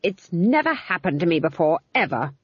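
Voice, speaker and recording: A woman reading an audiobook, voicing a fierce, proud old witch woman who is quick to outrage. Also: fairly low pitch, big pitch swings, breathy edge, no echo, dull audio. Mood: indignant. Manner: indignant shouting, drawn-out outbursts. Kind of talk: audiobook character voice.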